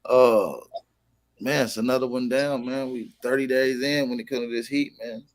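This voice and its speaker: A man's voice: mid-range voice, steady tone, moderate pace. A man hosting a casual livestream, talking in slang, greeting chat viewers and plugging merch over and over. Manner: plugs merch with repeated calls to shop. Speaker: livestream host.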